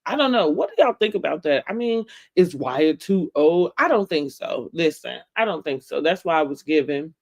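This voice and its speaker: A woman's voice: low-pitched, animated, normal speed, hardly any pauses. A woman vlogger giving a casual, opinionated recap of a TV episode, talking straight to her viewers and laughing often.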